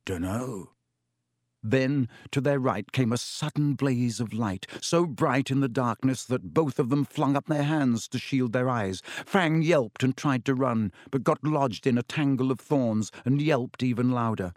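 A man reading a children's fantasy novel aloud as an audiobook narrator, steady, measured and suspenseful. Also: medium pitch, dry recording, studio quality. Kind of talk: scripted storybook narration.

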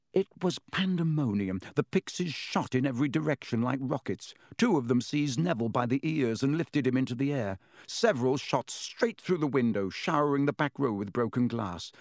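A male narrator reading a fantasy story with lively, expressive delivery. His voice sits at an ordinary middle pitch for a man. The recording is dry and close, with no room sound. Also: no echo. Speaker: audiobook narrator. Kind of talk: scripted narration.

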